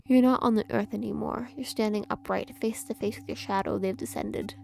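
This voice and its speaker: A woman reading aloud a horror visual novel with measured, eerie narration. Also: medium pitch, fairly even intonation, gravelly, a little mellow, faint music behind. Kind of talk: dramatic game narration.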